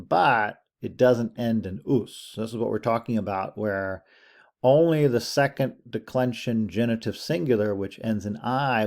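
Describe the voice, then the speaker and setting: Casting: male Latin teacher, lowish gravelly voice, easygoing, talky. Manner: relaxed, conversational, thinks aloud with fillers. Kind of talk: recorded lecture over screen share.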